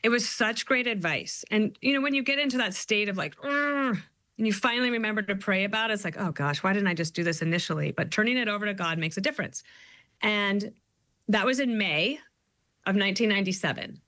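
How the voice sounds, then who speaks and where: A middle-aged woman, a guest author, talking in an animated, storytelling way. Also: mid-range voice, no echo. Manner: animated storyteller, quick asides. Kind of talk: conversational interview.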